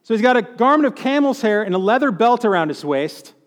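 A man's voice: extremely high pitch, sing-song, brisk, big-room sound. A man preaching a sermon in a conversational, humorous way, acting out quotes as he goes. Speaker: pastor.

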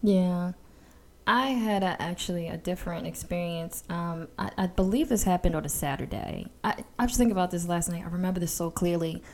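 A woman in her forties telling a personal story in casual chat, animated and acting out what people said. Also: lowish voice, brisk. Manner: animated storytelling, acts out quoted voices.

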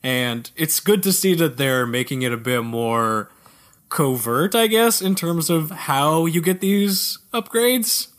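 A man co-hosting a casual gaming podcast, explaining game mechanics and trading quick jokes with the others. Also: fairly high pitch, lively intonation, fairly bright tone. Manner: joking, quick banter. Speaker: podcast co-host.

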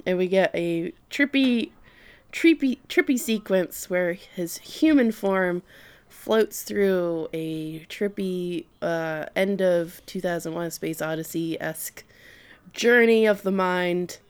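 A woman's voice: fairly low pitch, slow pace, smooth. A woman co-hosting a casual podcast chat, animatedly retelling an anime's plot and swearing freely. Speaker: podcast co-host.

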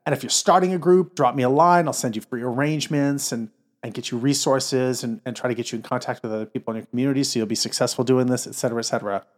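Brief: male guest, earnest and energetic, animated delivery. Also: medium pitch, fast. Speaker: a cappella producer and arranger, guest. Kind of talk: enthusiastic interview talk.

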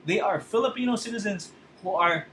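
A man's voice: high voice, brisk, a bit bright, reverberant, a little hiss or hum, poor audio. A man ranting angrily and passionately on his podcast, swearing as he confronts a politician. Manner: angry, impassioned, swearing. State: choked up, fighting tears. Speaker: podcast host. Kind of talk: political rant monologue.

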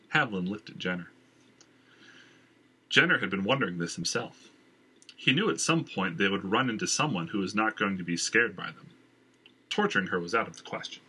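A man's voice: low-pitched, expressive, normal speed, long pauses, sharp tone, slightly rough. A man narrating a fantasy novel aloud in a casual read, dropping in filler ums. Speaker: audiobook reader. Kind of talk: fiction narration.

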